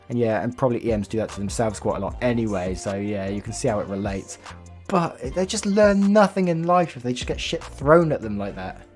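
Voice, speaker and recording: A man's voice: mid-range voice, darkish tone. A man hosting a channel, reading viewer stories aloud in a casual, chatty way, laughing often and swearing freely. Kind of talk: casual read-aloud storytelling with commentary.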